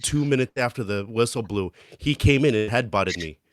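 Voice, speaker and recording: A man's voice: mid-range voice, animated, normal speed, a little hiss or hum. A man co-hosting a podcast, recounting stories in chatty casual talk. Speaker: podcast co-host, amateur hockey player. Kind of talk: casual chat.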